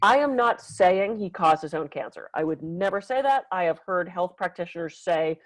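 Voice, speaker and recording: A woman massage therapist tells client stories on a podcast, her slightly low voice jumping up and down as she acts out each quote. The sound is dry and close, with no room around it. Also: moderate pace, no room sound, poor audio. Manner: animated, acts out quotes with big pitch jumps, laughs often. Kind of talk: casual storytelling.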